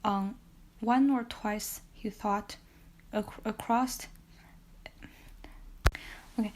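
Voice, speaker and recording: A woman narrating a classic novel as an audiobook reader, steady with occasional self-corrections. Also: on the high side. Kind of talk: reading a classic novel aloud.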